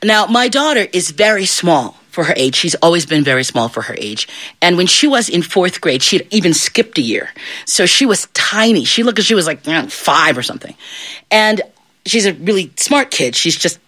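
A middle-aged storyteller tells a folk tale live to an audience in a medium-pitched voice at a moderate pace. The telling is animated and playful, and the storyteller quizzes the listeners with questions.

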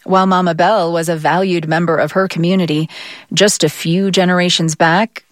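A woman hosting the piece, asking questions and reading scripted narration in a measured way. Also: on the low side, dry recording, clean studio sound. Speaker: interviewer and program narrator.

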